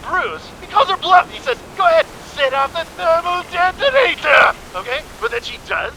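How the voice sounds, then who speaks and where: A man playing a brash, loud movie director who shouts sound effects in a comedy skit. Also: extremely high pitch, wildly swooping pitch, brisk, a little hiss or hum, full character voice, low-quality recording. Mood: bombastic.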